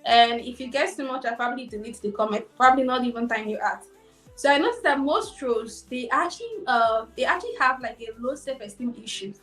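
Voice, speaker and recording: A woman's voice: fairly high pitch, a bit bright. A woman streamer speaking as a podcast guest, earnest and reflective, recorded on a distant, echoey mic with faint music underneath. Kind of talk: live podcast conversation.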